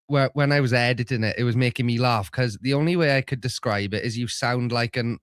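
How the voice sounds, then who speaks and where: A man co-hosting a relaxed talk, keeping mostly to short replies and tossing in dry teasing. His voice sits at an ordinary pitch and comes across dry and close. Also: a little fast, clean tone, no room sound. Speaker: streamer co-host. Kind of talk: casual chat.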